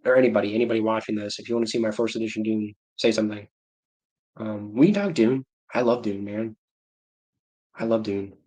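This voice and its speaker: This livestream host, a man in his thirties, drifts through casual conversation, interrupting himself and chuckling at the stories he tells. He speaks fairly quickly in a fairly low, slightly mellow voice with fairly even intonation.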